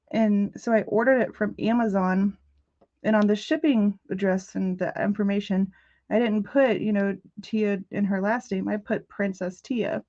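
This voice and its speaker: A woman's voice: mid-range voice, darkish tone, dull audio. Giggly woman chatting on a craft stream. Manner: chatty, giggly, jokey with viewers. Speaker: crafting livestream host. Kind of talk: casual livestream chat while crafting. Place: rural home.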